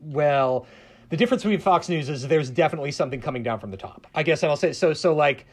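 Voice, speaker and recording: Man, Southern-raised, slightly higher voice, hesitant, restarts often, conversational panel guest. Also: fast. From American South. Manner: hesitant, many restarts and fillers. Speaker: public radio journalist guest. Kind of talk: casual panel discussion.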